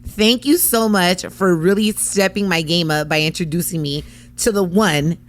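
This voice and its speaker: A woman's voice: on the low side, moderate pace. A young adult woman co-hosting a podcast, bubbly and chatty. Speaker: podcast co-host. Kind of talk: casual chat.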